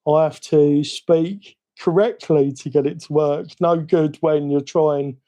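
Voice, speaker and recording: Cockney man, slightly high voice, mellow tone, easygoing live-stream chatter, self-mocking. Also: steady tone, takes it slowly. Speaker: hobby livestream host. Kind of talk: casual live-stream chat while working.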